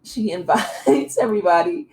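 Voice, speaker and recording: A woman's voice: mid-range voice, expressive, normal speed, a little mellow, low-quality recording. A woman recapping a reality show in a casual, chatty way, full of asides and fillers. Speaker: recap vlogger. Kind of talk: casual chat.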